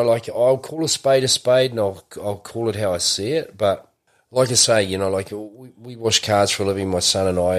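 A man's voice: lowish voice, a bit bright. A middle-aged man, talking in a rambling way full of fillers and restarts in a casual interview. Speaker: podcast guest.

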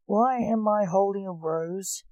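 A woman reading aloud plays a clumsy, excitable storybook hero in a chicken costume. His voice is eager but mellow and slow, recorded close and dry. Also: mid-range voice, no echo, lo-fi sound, natural voice.

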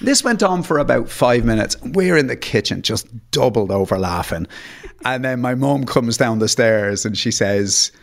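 A man recounts funny family stories as a podcast guest. His delivery is self-deprecating and full of stammered restarts. His voice sits at a middling pitch for a man. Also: normal speed, creaky. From Ireland. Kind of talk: anecdotal storytelling.

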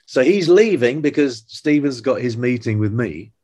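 An older man, an actor guest, telling stories in lively conversation and acting out the voices of the people in them. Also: medium pitch, moderate pace. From England. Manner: animated anecdotes, acting out quoted voices. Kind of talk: conversational storytelling.

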